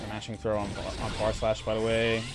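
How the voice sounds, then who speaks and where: A man's voice: fairly low pitch, monotone, brisk. A man streaming a fighting game, talking through his matches with frequent swearing and frustrated outbursts. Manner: frustrated, swearing, talks to opponent. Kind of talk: live gameplay commentary. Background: game music.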